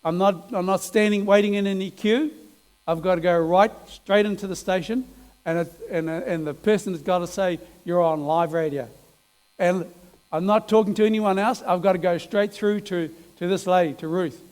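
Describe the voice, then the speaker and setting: Nz guy doing a desperate praying man, loud and pleading, high voice, echoey hall. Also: steady tone, normal speed, natural voice. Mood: defiant. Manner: impassioned, pleading, loud outbursts.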